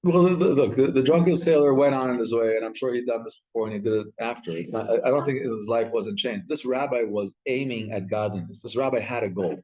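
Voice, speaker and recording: A man's voice: mid-range voice, fairly quick, few pauses, dark tone. A male rabbi gives a live Torah class in a synagogue study hall. He tells stories with animation and often repeats and restarts his words.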